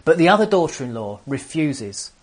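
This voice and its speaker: A man's voice: a little high, big pitch swings, normal speed, husky. A man preaching a sermon to an empty room, earnest and often restarting his phrases. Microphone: camera on stands.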